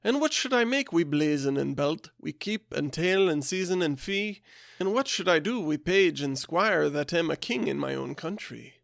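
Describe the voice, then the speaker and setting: A man's voice: fairly high pitch, animated, normal speed, gravelly, a bit bright, no room sound, clean studio sound. A man voicing a proud, defiant harper-knight, declaiming rhythmic verse in a put-on Scottish accent.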